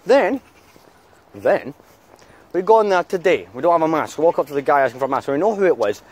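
A man's voice: fairly high pitch, very animated, fast. A man vlogging outdoors in town, chatting casually and ranting with heavy swearing. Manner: angry swearing rant. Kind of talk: casual vlog chat.

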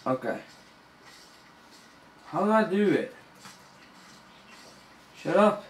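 Scared young man, slow nervous gamer. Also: high-pitched, expressive, echoey room, a little hiss or hum. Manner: nervous, swearing, laughing, scared. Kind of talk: let's play commentary.

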